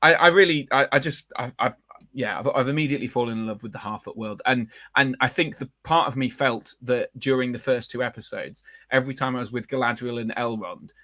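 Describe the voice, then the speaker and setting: A man's voice: medium pitch, fairly quick, sharp tone, dry recording, clean studio sound. A man hosting a casual live chat about a fantasy series, rambling with many fillers and restarts. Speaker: podcast host.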